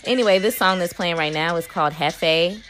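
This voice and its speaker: A woman's voice: lowish voice, a little fast, fairly bright tone, soft background music. A woman hosting an opinionated commentary show, talking in a sassy, blunt and scolding way. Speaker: host.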